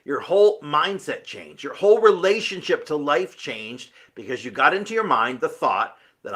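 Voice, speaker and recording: A man's voice: fairly high pitch, very animated, moderate pace, few pauses, fairly bright tone. A man giving an earnest, emphatic motivational talk, full of rhetorical questions. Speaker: motivational speaker.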